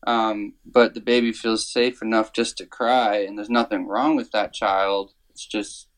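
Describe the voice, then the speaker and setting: A man speaking as an interview guest, telling a personal story slowly and earnestly, with many pauses and fillers. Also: fairly low pitch, level tone, poor audio. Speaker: worship songwriter guest.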